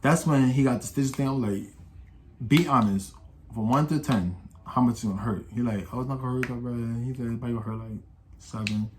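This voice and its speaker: A young man of about eighteen recounts a story in loose, slangy talk, stumbling over restarts and acting out what others said. His voice sits at an ordinary middle pitch. A faint room hum runs underneath. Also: a little fast. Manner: rambling, slangy, with many restarts and acted-out quotes. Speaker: vlogger. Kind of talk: casual storytime.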